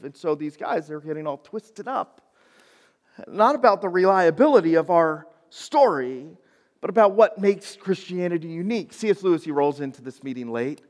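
High-voiced man preaching in a reverberant hall. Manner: animated and conversational, often laughing at himself. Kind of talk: sermon to high schoolers. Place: church.

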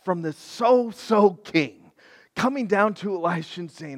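A high-voiced man preaching in a casual, animated way, slipping into the voices of the characters in his story. His words ring out with a long reverb across a large hall. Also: measured pace. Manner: animated and conversational, acting out biblical characters. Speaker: pastor. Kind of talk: sermon.

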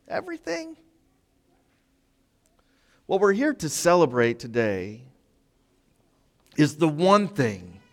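A man's voice: fairly high pitch, fairly bright tone, clean tone. A man preaching a sermon in a casual, conversational storytelling way, full of fillers. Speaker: pastor. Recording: long hall reverb.

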